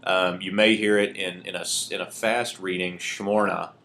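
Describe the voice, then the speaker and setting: A man's voice: deep voice, flat delivery, normal speed, pushed and bright, slight background noise. A man giving a recorded Hebrew grammar lecture at a whiteboard, explaining patiently with frequent ums and uhs. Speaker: Hebrew teacher.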